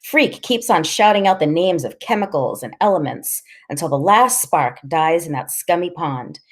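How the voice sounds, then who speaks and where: A woman's voice: lowish voice, expressive, moderate pace. A woman reading a first-person story aloud in a casual, slangy storytelling manner. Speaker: audiobook reader.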